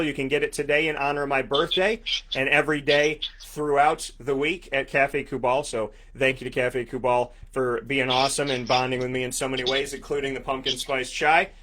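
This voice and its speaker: Upbeat and effusive, a Syracuse, New York man in his thirties hosts a morning sports talk show, often repeating words to stress them. His voice is medium in pitch with a fairly bright tone, typical of this upstate New York sports radio host.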